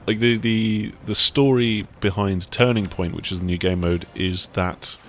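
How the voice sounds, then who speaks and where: A man's voice: lowish voice, fairly even intonation, measured pace. A man hosting a casual video game chat, talking in a rambling, enthusiastic way. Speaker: gaming site host.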